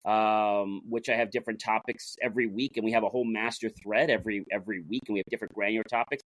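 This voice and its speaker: This man's voice is on the low side, fairly even in intonation, fast, and fairly bright, with no room sound. As an interview guest, he energetically retells stories by acting out conversations, often restarting his sentences.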